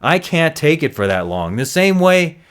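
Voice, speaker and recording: A man's voice: on the high side, very animated, moderate pace, fairly bright tone. A man hosting a solo recovery podcast, talking earnestly and reflectively with frequent restarts.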